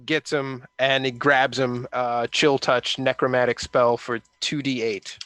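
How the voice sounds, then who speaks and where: A man's voice: mid-range voice, level tone, unhurried, a bit bright. A man playing a tabletop game, thinking aloud over rules with lots of hesitation. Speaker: player.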